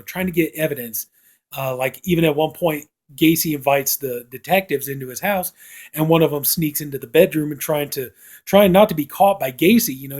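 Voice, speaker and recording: Rambling through an informal film review, this man keeps saying "you know" and performs quoted lines from the movie. His voice leans high but has a darker tone.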